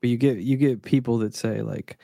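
Male host, laid-back and casual, medium pitch, dry close recording. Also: steady tone, normal speed, vocal fry, mellow, no room sound. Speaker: podcast host. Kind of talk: casual chat.

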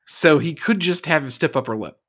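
Animated male podcast co-host. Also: on the high side, brisk. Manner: animated, jokey, puts on whiny mock voices. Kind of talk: casual chat.

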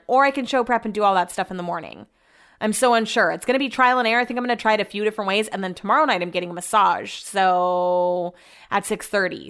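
A young adult woman chats loosely to her audience in a casual vlog. She rambles from thought to thought in an upbeat, unscripted way and leans on "like" all the time. Her voice sits at an ordinary pitch for a woman. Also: a bit bright. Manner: rambling, upbeat, chatty with lots of "like". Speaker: vlogger.

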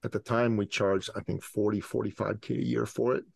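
A man in his forties from the Middle East, a podcast guest and business coach telling an animated, dramatic story. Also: fairly low pitch, brisk, vocal fry, breathy edge, no room sound. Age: 40s. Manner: dramatic, acts out scenes with voices.

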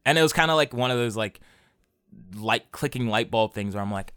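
A man's voice: lowish voice, fairly quick, a bit bright, clean tone, no room sound, clean studio sound. A young man telling a long personal story in casual chat, rambling with many restarts and a lot of swearing.

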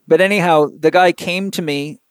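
A man who works as a physical therapist telling a long, animated anecdote in an interview, rambling with lots of fillers. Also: high voice, normal speed, clear, resonant tone, dry recording. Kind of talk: storytelling in an interview.

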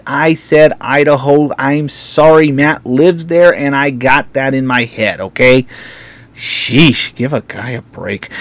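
Guy cohosting a radio talk show, jokey and laughing, average pitch, super dry mic. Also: no echo. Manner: laughs often, joking and animated. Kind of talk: casual chat.

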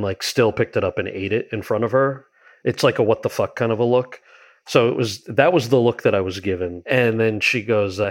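Man telling an animated, self-deprecating story. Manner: animated storyteller acting out quoted lines with rising pitch; self-deprecating, many fillers and restarts. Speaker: guest, actor and writer. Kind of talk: conversational storytelling interview.

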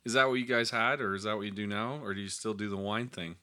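A man's voice: lowish voice, fairly even intonation, fast, sharp tone, no room sound. A man co-hosting a casual podcast, dropping in short, eager interjections and questions. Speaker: podcast co-host. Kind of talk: casual chat.

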